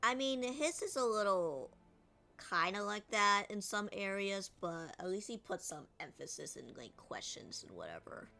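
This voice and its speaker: A woman's voice: medium pitch, big pitch swings, normal speed, gravelly, bright, forceful tone, soft background music. A woman streamer in casual game commentary, critiquing voice acting with lots of fillers.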